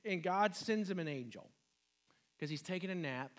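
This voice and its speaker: A pastor preaches in a relaxed, conversational way, retelling scripture in everyday words. His voice sits a bit higher than most men's. He often turns to the listeners with questions and acts out the quoted speech, dropping low and rising high. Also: normal speed, faint music behind. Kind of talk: sermon.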